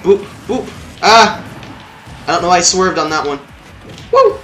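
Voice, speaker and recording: A young man commentating his own gameplay, swearing, yelling and muttering at the game. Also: high-pitched, huge pitch swings, unhurried, roomy sound, faint music behind. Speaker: let's play gamer.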